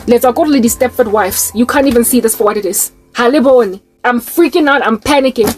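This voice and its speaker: A young South African woman with a South African accent speaks in a high, bright register. She preaches with fervor, piling up rhetorical questions and slipping local-language phrases into an impassioned personal monologue. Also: fairly quick, hardly any pauses, soft background music. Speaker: Christian online preacher.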